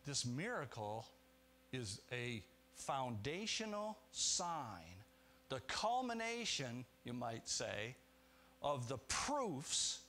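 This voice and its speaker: A man preaching a sermon as pastor, earnest, moving between quiet low reflection and raised emphatic points, with rhetorical questions and restarts.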